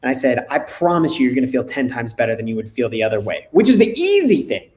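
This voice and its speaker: A man co-hosting a talk, telling lively family anecdotes and acting out dialogue. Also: mid-range voice, quick pace. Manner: animated anecdotes, acts out dialogue. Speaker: co-host. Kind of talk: casual storytelling. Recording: echoey room.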